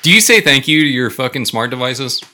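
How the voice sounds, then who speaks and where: A man's voice: medium pitch, expressive, a little fast, bright, forceful tone. A man co-hosting a podcast, joking and swearing in casual chat. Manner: profane, joking. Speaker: podcast co-host.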